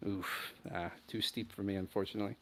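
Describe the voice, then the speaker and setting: A man's voice: on the low side, steady tone, a little fast, pushed and bright. A man playing a tabletop game, chatting casually and playfully with the game master. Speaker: player.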